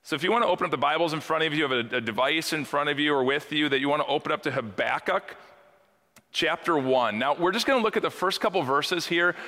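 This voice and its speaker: A man's voice: fairly high pitch, quick pace, bright, forceful tone. A man preaching a sermon to his congregation in a church hall, talking conversationally with humor and rhetorical questions. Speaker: pastor. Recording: echoey hall.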